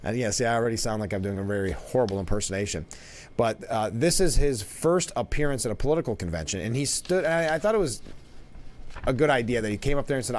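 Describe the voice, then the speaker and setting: A man's voice: medium pitch, expressive, quick pace. A man hosting a talk show, giving casual political commentary in a conversational way, with restarts and asides. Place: broadcast studio.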